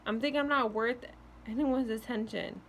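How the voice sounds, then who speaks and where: A woman's voice: fairly high pitch, steady tone, normal speed, a bit bright, slight background noise. A young woman vlogging casual, earnest breakup advice, reassuring and full of "like" fillers, with hiccups now and then. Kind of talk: casual heartfelt advice to camera.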